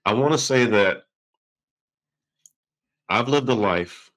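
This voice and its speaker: A man hosting an interview, telling a story in a lively, conversational way and acting out the quoted voices. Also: mid-range voice, slow, rough recording. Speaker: podcast host.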